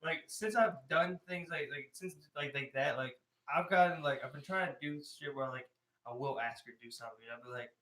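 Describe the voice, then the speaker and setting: A man's voice: fairly high pitch, fairly quick, fairly bright tone, poor audio. A man co-hosting a podcast, chatting casually and rambling with lots of "like" and "you know". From Maryland, US. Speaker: podcast co-host. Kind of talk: casual chat.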